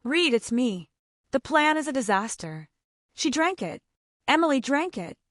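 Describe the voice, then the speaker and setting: A woman's voice: sits high, big pitch swings, unhurried, a bit bright, no room sound, clean studio sound, heavily acted. A woman reading the lines of a scheming, desperate young husband who snaps and whispers. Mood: frantic. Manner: snapping, strained whispers.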